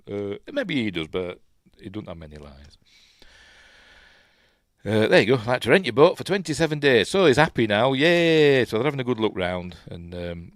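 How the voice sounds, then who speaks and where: A man with a Yorkshire accent talks through a film in a loose, live commentary, drifting off on tangents as he goes. His voice sits low and deep. The sound is close and dry, with no room around it. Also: no echo. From Yorkshire, England. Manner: rambling, chatty, easily sidetracked. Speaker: host.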